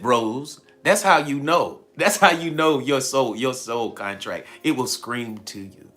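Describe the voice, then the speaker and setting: A man's voice: medium pitch, expressive, a little slow, few pauses, fairly bright tone, soft background music. A man hosting a spiritual livestream, talking playfully to his viewers, laughing often and acting out quoted voices. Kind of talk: animated live-stream talk to viewers.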